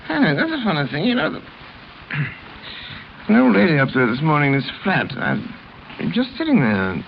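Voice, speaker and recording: An actor playing a drunken upper-class English gentleman who rambles in a slurred, singsong way, in a 1930s radio drama. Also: a little high, huge pitch swings, unhurried, creaky, slight background noise, exaggerated voice. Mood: drunken confiding. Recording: muffled old radio rehearsal tape.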